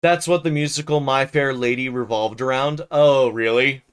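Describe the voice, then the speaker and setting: A man's voice: medium pitch, moderate pace, smooth. A man streaming as he narrates a classic novel aloud, breaking off for casual, chatty asides to his chat. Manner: casual, chatty asides between even-paced reading.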